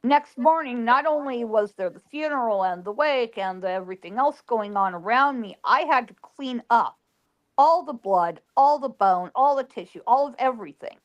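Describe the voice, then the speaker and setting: A woman's voice: fairly high pitch, expressive, normal speed, lo-fi sound. A woman psychic, telling an emotional past-life story and quoting the people in it. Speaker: psychic guest.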